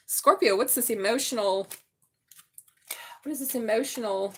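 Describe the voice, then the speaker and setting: A woman giving a live tarot reading, chatty and excitable, swearing casually and talking straight to her viewers. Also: mid-range voice, normal speed, long pauses, husky. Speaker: tarot reader.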